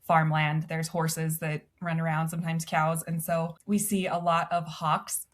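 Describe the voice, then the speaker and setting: A woman's voice: deep voice, level tone, measured pace. A woman in her thirties, a podcast guest, telling stories in casual chat and laughing often. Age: 30s. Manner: chatty storyteller, laughs often.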